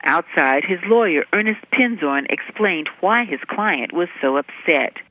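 A woman correspondent delivering a reported news segment in a measured, even way. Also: on the low side, no echo. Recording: dry, dull lo-fi line.

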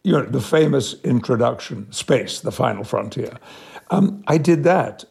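Gravelly older Englishman telling stories. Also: mid-range voice, animated, a little mellow. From Yorkshire, England. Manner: measured, reflective anecdotes with frequent chuckles. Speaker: actor, interview guest. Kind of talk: interview storytelling.

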